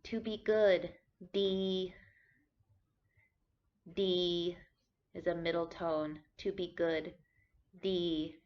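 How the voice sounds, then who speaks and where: A woman teaching a vocabulary lesson, saying each word slowly and carefully and repeating it for practice. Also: fairly low pitch. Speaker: language teacher. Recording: dull lo-fi sound.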